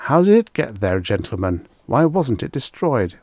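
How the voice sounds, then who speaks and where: A man's voice: mid-range voice, sing-song, moderate pace, darkish tone, no room sound, pitched above the performer's own voice. A man voicing an arrogant, bearded rich hunter who talks down to officers in a mocking, imperious way. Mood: scornful.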